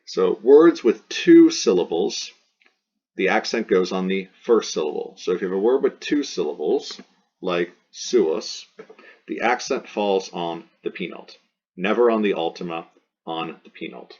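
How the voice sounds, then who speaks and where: A man's voice: low voice, lively intonation, a little slow, darkish tone, breathy edge. A man teaching a recorded language lesson, patiently repeating terms and examples and spelling out rules step by step. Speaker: Latin teacher. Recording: dull lo-fi recording.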